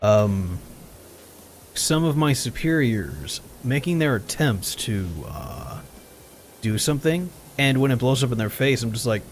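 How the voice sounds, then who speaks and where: A man streaming and casually telling stories while he plays, blunt and animated, often laughing. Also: medium pitch, measured pace, slight background noise. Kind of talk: casual storytelling while gaming.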